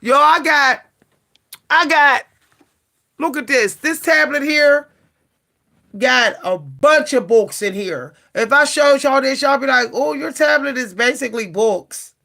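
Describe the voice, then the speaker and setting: A woman talking casually to camera as a vlogger, animated and exasperated, often repeating herself and calling out to her viewers. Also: high voice, takes it slowly, gravelly, pauses often.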